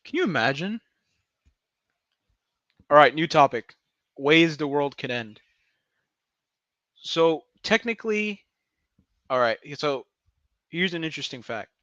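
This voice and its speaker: A man's voice: fairly high pitch, expressive, a little slow, pauses often, a bit bright, dry recording, lo-fi sound. A young man streaming in a casual, rambling chat, joking and swearing, often tripping over his words. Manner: rambling, profane, jokey, with frequent stumbles and laughs.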